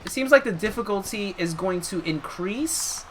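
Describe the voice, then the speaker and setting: A woman's voice: mid-range voice, animated, normal speed, slight background noise. A woman streaming a wrestling video game, chatting casually and with amusement as she thinks aloud. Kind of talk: casual gameplay commentary.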